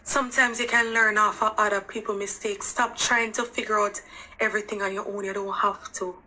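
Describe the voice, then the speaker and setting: A woman's voice: mid-range voice, little pitch movement, brisk, pushed and bright, a little hiss or hum, poor audio. A woman with a Jamaican accent giving earnest, emphatic relationship advice straight to camera, pressing the listener with questions. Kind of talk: direct-to-camera advice monologue.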